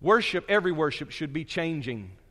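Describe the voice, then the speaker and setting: A male preacher giving a sermon, moving between quiet, low asides and raised, emphatic points. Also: very animated, a little fast. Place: church sanctuary. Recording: long reverb of a large hall.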